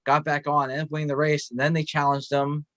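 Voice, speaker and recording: A man's voice: on the high side, monotone, brisk, a bit bright, no room sound. Laid-back man on a dry-sounding mic. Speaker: podcast co-host. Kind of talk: casual chat.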